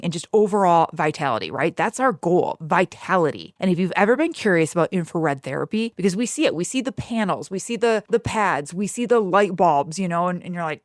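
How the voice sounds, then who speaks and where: A woman with a Michigan accent hosting a podcast, chatting in a gushing, excitable way full of "like". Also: fairly low pitch, dry recording, clean studio sound. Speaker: podcast host. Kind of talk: casual podcast chat.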